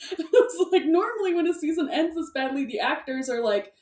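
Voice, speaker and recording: Excitable woman in an echoey room. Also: high-pitched, normal speed. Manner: rambling, excitable, laughs often, many fillers. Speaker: podcast co-host. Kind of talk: casual chat. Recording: echoey room, distant mic.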